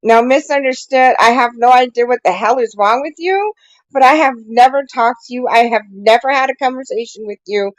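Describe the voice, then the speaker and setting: A woman's voice: fairly high pitch, brisk, dry recording, low-quality recording. A woman calling in as a guest on a live show, speaking bluntly and frankly and swearing freely. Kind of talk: candid live call-in conversation.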